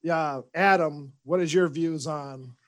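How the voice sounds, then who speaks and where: Slightly high man steering the chat. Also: slow pace, fairly bright tone. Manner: steers the talk, asks others in turn. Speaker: podcast co-host. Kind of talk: casual podcast chat.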